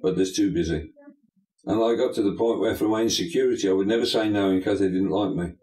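A man's voice: fairly low pitch, quick pace, mellow. An older man, a pastor and bishop, talking emphatically in an interview, full of folksy sayings. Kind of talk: preacherly interview talk. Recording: echoey room.

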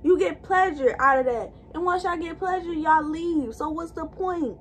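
A woman's voice: extremely high pitch, moderate pace, a little hiss or hum. A woman vlogger rambling in casual chat to her viewers while she gets ready. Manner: rambling and chatty, talking straight to viewers.

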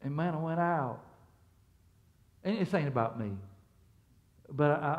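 High-voiced pastor preaching. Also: male voice, measured pace, long pauses, highs cut off. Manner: conversational, repeats words and restarts, asks the congregation questions. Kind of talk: sermon. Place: church sanctuary.

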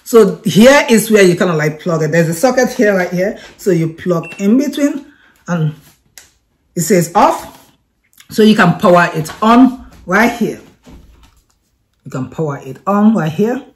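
Woman vlogger, mid-pitch, excitable and repetitive, unboxing review. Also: unhurried, long pauses, slight background noise. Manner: chatty, repeats herself, excitable. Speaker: product reviewer.

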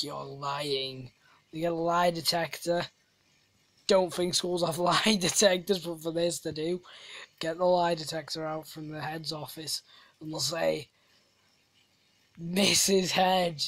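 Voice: mid-range voice, little pitch movement, normal speed. A speaker giving casual, rambling gameplay commentary full of jokey, self-deprecating asides. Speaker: gamer, channel host.

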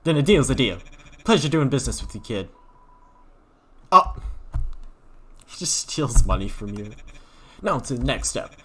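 A man voicing a pushy, loud scammer salesman figure with huckster patter in a game playthrough. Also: mid-range voice, very animated, a little slow, long pauses, slightly rough, exaggerated voice. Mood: smug.

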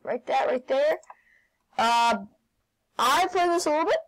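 A woman playing a video game and commenting as she goes, excitable, often shouting and laughing. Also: sits high, unhurried, low-quality recording. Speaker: gaming channel host.

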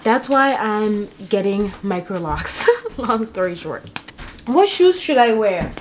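A woman's voice: mid-range voice, sing-song, slow pace, slight background noise. A young woman chatting to camera as she gets ready, telling a long story with lots of fillers. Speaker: vlogger. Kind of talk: casual chat to camera while getting ready. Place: apartment.

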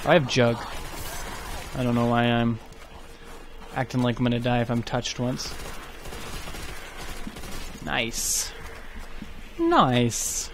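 A man's voice: medium pitch, animated, takes it slowly, long pauses, a little hiss or hum. A man giving casual let's play commentary, chatty and thinking aloud as he goes. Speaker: gaming YouTuber.

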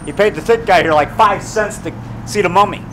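A man in his fifties rambling excitedly while walking down a town street, talking to camera and calling the viewer brother and man. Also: high-pitched, a little fast, background noise. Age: 50s. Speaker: filmmaker vlogging. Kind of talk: rambling outdoor vlog.

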